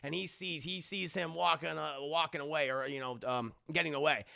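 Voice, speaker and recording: Gravelly, animated male streamer. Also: fairly high pitch, fairly quick. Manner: animated and profane. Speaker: streamer reviewing a cartoon. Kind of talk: casual recap to live chat.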